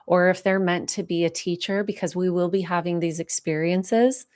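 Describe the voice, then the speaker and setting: A woman with a slightly low voice giving a live spiritual talk to viewers. She speaks softly and slowly, pausing often, heartfelt and close to tears. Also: fairly even intonation. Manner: soft, heartfelt, slow and reflective with pauses. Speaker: spiritual channeler answering viewer questions.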